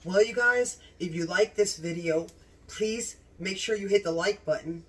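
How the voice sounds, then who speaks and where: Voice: mid-range voice, normal speed, recorded from a distance. A home cooking channel host in a casual cooking vlog, gushing with enthusiasm about the food, recorded in a home kitchen.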